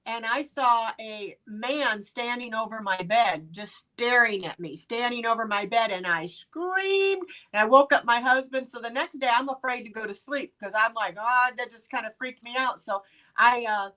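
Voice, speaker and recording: A woman in her fifties, chatting casually in a group and telling personal stories with lively quoted voices. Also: on the high side, normal speed. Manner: storytelling, animated quoted voices. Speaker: participant.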